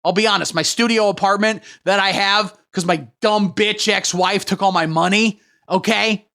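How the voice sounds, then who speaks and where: A man's voice: high voice, fairly even intonation, moderate pace, bright, forceful tone. A man voicing a broke, divorced dad who is ranting about needing a last-minute Christmas tree. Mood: griping. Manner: frantic, griping rant.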